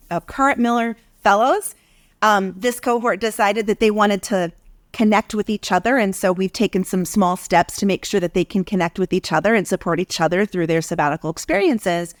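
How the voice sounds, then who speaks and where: A woman who leads a foundation program, speaking in an earnest, measured, reflective way in a podcast conversation. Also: mid-range voice, no room sound, studio quality.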